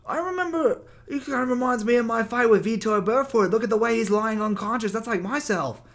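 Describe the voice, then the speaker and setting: A young man doing a put-on to mock a cocky, boastful, argumentative ex-fighter commentator who talks loud and brash. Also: very high voice, brisk, pitched above the performer's own voice.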